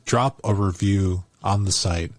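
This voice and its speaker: Low-voiced male podcast host. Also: a little slow. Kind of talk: casual podcast interview.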